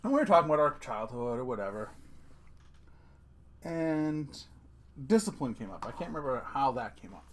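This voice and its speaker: A man's voice: medium pitch, sing-song, normal speed, long pauses. A middle-aged man hosting his own podcast, ranting casually, joking and swearing as he talks straight to his listeners. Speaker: podcast host. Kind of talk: casual rant.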